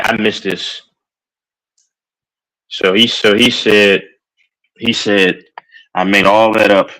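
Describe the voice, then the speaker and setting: Man, texan accent, bright voice, hyper and rambling, casual stream chat, sugar rush. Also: mid-range voice, rough recording. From Texas. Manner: hyper and rambling, with many fillers. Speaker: live stream host.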